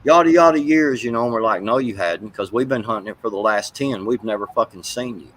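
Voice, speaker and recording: A man's voice: on the low side, fast talker, a bit bright, slight background noise, low-quality recording. A man telling a heated, profane, rambling story in casual chat.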